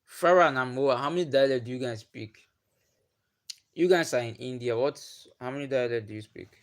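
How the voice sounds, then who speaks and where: Speaking fairly quickly in a mid-range voice, a young livestream host from Nigeria talks easily with his audience. He has a Nigerian accent, his first language is Igbo, and he tends to say things more than once.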